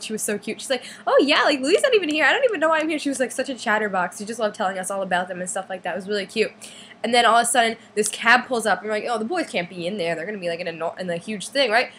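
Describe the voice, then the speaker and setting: A teenage girl casually telling a long story to her camera, full of "like" and acted-out quotes in a higher voice. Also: fairly bright tone, a little hiss or hum. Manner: chatty, lots of "like", acts out quotes in higher voice. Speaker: fan vlogger.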